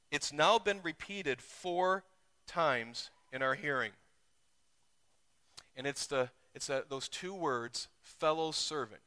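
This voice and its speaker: Male pastor, sermon delivery; bright, slightly high voice; builds from hushed asides to loud emphatic peaks. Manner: preaching with sudden surges in pitch and volume. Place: church.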